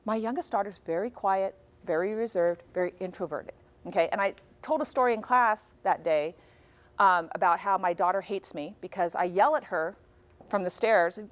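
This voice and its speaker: Animated woman speaker in a classroom. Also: mid-range voice, moderate pace. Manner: animated storyteller, acts out dialogue. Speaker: guest speaker. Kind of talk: classroom talk to high school students.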